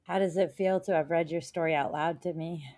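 American woman therapist on a podcast, low-ish voice, friendly and warm. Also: fairly even intonation, brisk. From United States. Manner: warm, affectionate chat. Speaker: licensed mental health therapist, podcast guest.

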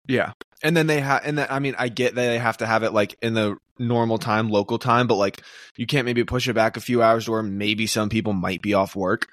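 A man co-hosting a podcast, chatting in loose, excitable banter with his friends. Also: on the low side, a little fast, dry recording. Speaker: podcast co-host. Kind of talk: casual chat.

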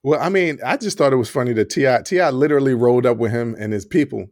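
Animated man co-hosting a podcast, dry sound. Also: medium pitch, fast talker, dry recording. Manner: animated, talks with his hands, laughs often. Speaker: podcast co-host. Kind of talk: casual chat.

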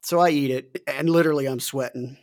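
A man's voice: medium pitch, fairly even intonation, fairly quick. A middle-aged man co-hosting a casual chat, telling loose, profanity-heavy stories and laughing through them. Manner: loose storytelling, swears often, laughs through his stories. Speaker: podcast co-host.

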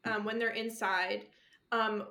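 Bright giggly woman podcast host. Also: medium pitch, little pitch movement, takes it slowly. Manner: giggly, gushing, many fillers. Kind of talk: casual chat.

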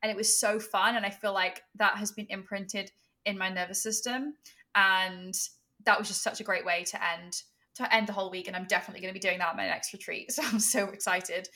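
Woman podcast host, bright tense voice, super enthusiastic and gushy. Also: mid-range voice, steady tone, fairly quick. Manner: effusive, enthusiastic. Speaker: podcast host, sex coach. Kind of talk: casual podcast chat.

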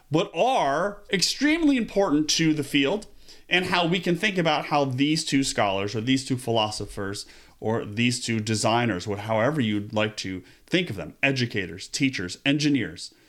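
A man hosting a podcast, talking in a casual, upbeat way with quick asides and restarts. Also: mid-range voice, fairly bright tone. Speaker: podcast host.

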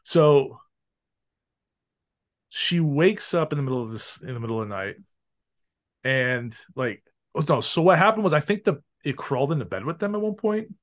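Excitable man, casual podcast chat. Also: a little high, moderate pace, pauses often. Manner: excitable, swears freely, trails off and restarts. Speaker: podcast host. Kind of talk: casual chat about a film.

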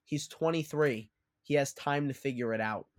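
A man's voice: mid-range voice, moderate pace. A young adult man hosting a casual sports podcast, talkative and steering the discussion with bold picks. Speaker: podcast host.

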